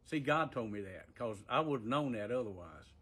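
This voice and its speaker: A man's voice: mid-range voice, animated, normal speed, fairly bright tone, slightly rough. A man casually telling a personal story in a folksy way, with fillers and chuckles.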